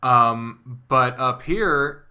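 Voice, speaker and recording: Bright-voiced Southern American man, profane. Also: medium pitch, drawn-out words. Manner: profane, rambling, self-questioning. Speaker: panel guest. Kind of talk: casual chat.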